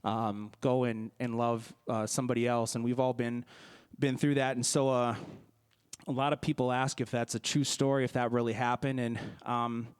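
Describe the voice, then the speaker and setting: A man's voice: mid-range voice, flat delivery, normal speed, smooth. A young man, a singer-songwriter from the Milwaukee area, answering interview questions in a casual, hesitant way with many fillers and restarts.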